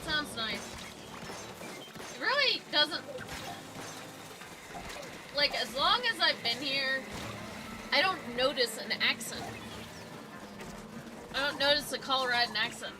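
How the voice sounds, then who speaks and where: Woman streamer, high voice, lively swings in pitch, chatty, music behind. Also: slow pace, pauses often. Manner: chatty, filler-heavy talk. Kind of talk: casual chat while gaming.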